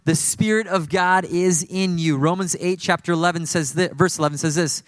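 Male pastor, conversational sermon storyteller, slightly high voice. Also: moderate pace, no room sound. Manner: conversational, storytelling preaching with lots of asides.

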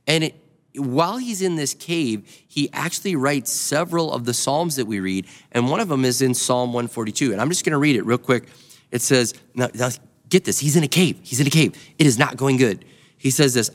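A man's voice: medium pitch, lively intonation, a little fast. A male pastor preaching a sermon in a nearly empty building, earnestly urging his listeners to act. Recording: long hall reverb.

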